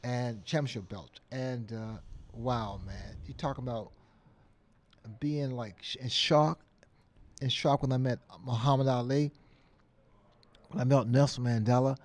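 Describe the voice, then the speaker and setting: A man in his sixties, a guest in a casual interview, telling stories with lively acted-out quotes and frequent laughs. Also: mid-range voice, unhurried, long pauses. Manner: animated storyteller, acts out quotes, laughs often.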